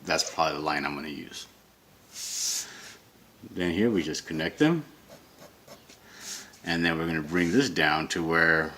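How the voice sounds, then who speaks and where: Sketching in his home studio, a man gives a casual comic-drawing tutorial, thinking aloud, rambling and correcting himself. His voice is extremely low yet pushed and bright, with a little hiss or hum.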